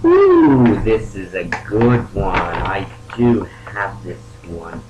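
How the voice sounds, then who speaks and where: A man's voice: sits low, takes it slowly, lo-fi sound. A man playing a tabletop role-playing game, talking casually and asking unsure questions. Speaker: player. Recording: noisy home recording.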